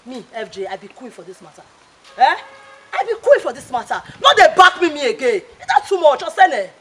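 A woman's voice: sits high, big pitch swings, brisk. A woman playing a fiery scolding Nigerian mother. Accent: Nigerian Pidgin English. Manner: scolding, loud Pidgin. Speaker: actor. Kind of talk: Nollywood movie acting.

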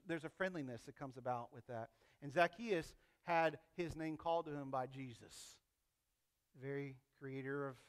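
A male pastor with a high, bright voice delivers a sermon in church. He talks animatedly and slips into little voices to act out what people say. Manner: animated, acts out quoted voices.

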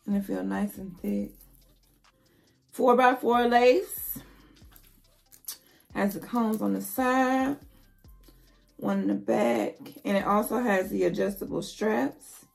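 Woman beauty vlogger, unhurried delivery, chatty and playful, faint music under her. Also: medium pitch, animated, creaky. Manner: chatty, playful, talks straight to viewers. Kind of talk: casual wig review vlog.

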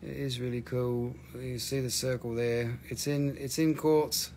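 A man's voice: mid-range voice, level tone, measured pace, a little mellow, slight background noise. A man hosting a live stream that sells minerals, talking casually with lots of swearing, ranting and then joking.

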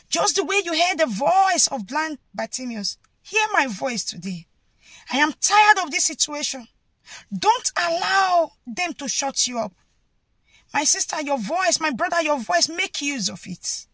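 A woman preaching a sermon, rising to impassioned shouted pleas. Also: high voice, very animated, a little slow, dry recording.

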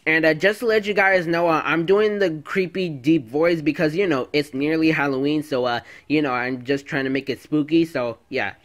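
A man's voice: on the high side, steady tone, normal speed, few pauses. A man who makes plush toy videos, talking casually to viewers in a rambling way with many fillers.

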